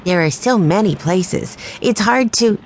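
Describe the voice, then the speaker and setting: Violet, a woman doing a gentle young girl. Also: medium pitch, animated, measured pace, background noise, pitched above the performer's own voice.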